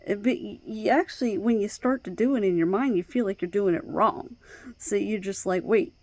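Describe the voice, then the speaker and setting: A woman vlogging in casual personal talk, hesitant, with many pauses, fillers and restarts. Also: medium pitch, darkish tone, dry recording. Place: outdoors at night by her door.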